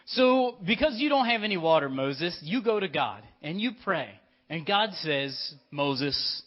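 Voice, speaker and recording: A male pastor preaching to his congregation in a lively, storytelling way. His voice sits fairly high for a man. The church recording sounds dull and lo-fi. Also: slow pace. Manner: lively, storytelling, directs children in a skit. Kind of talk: sermon.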